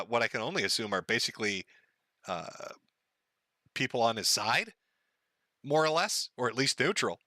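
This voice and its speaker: A man's voice: medium pitch, bright, forceful tone, dry recording. An older man hosting a stream, giving mocking, profane commentary and laughing at his own jokes. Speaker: streamer host.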